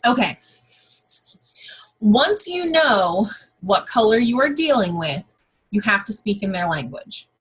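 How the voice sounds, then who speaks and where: A woman's voice: medium pitch, very animated, slow, long pauses, husky. A woman giving a casual, chatty sales training from her home office, full of fillers and exclamations. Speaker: network marketing team trainer.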